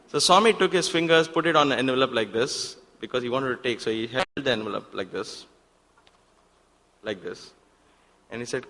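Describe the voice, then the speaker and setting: A man, telling a personal story in a talk at a devotional center and acting out the exchanges in sudden loud bursts. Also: medium pitch, lively intonation, fairly quick, a little hiss or hum. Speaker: guest speaker at a spiritual center. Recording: long hall reverb.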